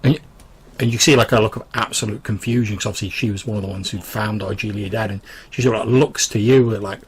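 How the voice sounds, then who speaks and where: A man's voice: lowish voice, steady tone, quick pace, slightly rough. A man narrating a tabletop game as game master, rambling with many fillers.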